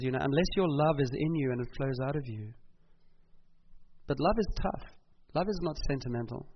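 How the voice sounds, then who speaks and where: Middle-aged male pastor, earnest sermon delivery with emphatic peaks; slightly muffled recording, faint hiss. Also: mid-range voice. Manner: earnest preaching, rising to emphatic passages.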